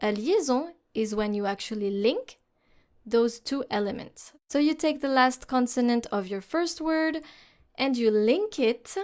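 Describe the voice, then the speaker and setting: A woman teaching pronunciation in a lesson, with a voice sitting a little higher than usual. She speaks slowly and deliberately, pausing to model each word for the listener to repeat. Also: animated. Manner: slow and deliberate, models words for repetition. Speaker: French teacher. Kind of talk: slow instructional explanation.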